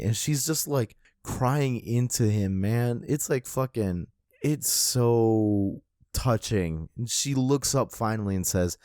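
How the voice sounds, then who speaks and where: A man co-hosting a podcast, casually chatting and retelling a comic with lots of swearing and excitement. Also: medium pitch, slow, no room sound, studio quality. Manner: profane, animated retelling of a comic. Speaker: podcast co-host. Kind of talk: casual chat.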